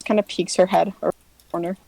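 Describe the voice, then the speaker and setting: A playful woman at a mid pitch describes her character's moves in a tabletop game, often breaking into giggles. Her voice sits close and dry. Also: steady tone, fast, gravelly, mellow, dry recording, low-quality recording. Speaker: player.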